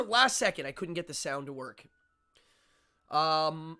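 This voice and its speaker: A man's voice: fairly high pitch, animated, slow, gravelly, pauses often, sharp tone. A man hosting a live-stream show, talking casually and rambling with frequent fillers and restarts.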